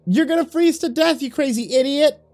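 Man putting on a shrill frightened young woman. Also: normal speed, a little mellow. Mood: alarmed. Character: frightened young woman girlfriend, shouting in a storm.

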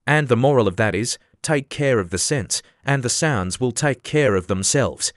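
A man's voice: medium pitch, lively intonation, moderate pace, dry recording, clean studio sound, natural voice. A man reading as a prim, moralizing Duchess. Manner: prim, sententious. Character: moralizing, agreeable old female Duchess.

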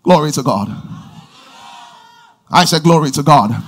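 A man preaching a sermon, his voice high and slightly husky. His pitch swings widely as he shouts, drawls key words and repeats his lines with emphasis. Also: expressive, a little slow, some chatter behind. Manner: repeats phrases and calls out praise. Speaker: pastor.

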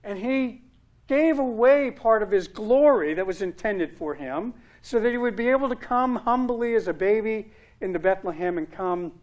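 A man's voice: high voice, a little mellow. A male pastor preaching a sermon, earnest, with emphatic repetition and rising stress on key words.

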